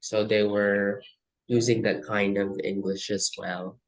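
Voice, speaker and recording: Slow-paced woman teaching vocabulary. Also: very deep voice, flat delivery, rough recording. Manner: lists word pairs, slips into Tagalog asides. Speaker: English test coach.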